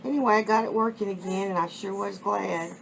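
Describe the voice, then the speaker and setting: A woman with a West Texas accent, chatting on her home vlog and cooing baby talk to a reborn doll in a soft, drawn-out way. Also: mid-range voice, steady tone, vocal fry. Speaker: reborn doll collector vlogger. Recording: noisy home video.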